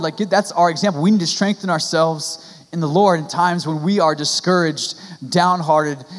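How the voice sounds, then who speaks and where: In a church sanctuary, a young male pastor with a notably high voice preaches a sermon, his words trailing off into long hall reverb. He speaks earnestly and pleadingly, restarting phrases and relying on casual fillers.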